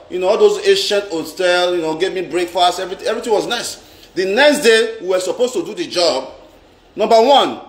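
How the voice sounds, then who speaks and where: Boastful Nigerian man ranting in an echoey room. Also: high-pitched. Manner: dramatic, repetitive and boastful. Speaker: vlogger. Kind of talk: casual storytelling rant. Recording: roomy echo.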